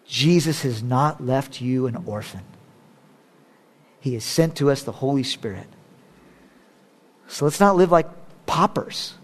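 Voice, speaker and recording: A pastor preaching a sermon. He jokes a little, then moves from loud, high exhortation to hushed, low prayer. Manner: joking asides with laughter. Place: church service.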